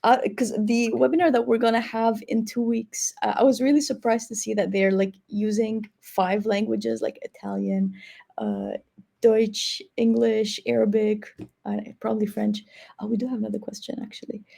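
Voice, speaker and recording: Gravelly, mellow woman moderating a webinar. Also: fairly high pitch, little pitch movement, moderate pace. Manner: casual, filler-heavy, says 'like' and 'you know'. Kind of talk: live webinar Q&A.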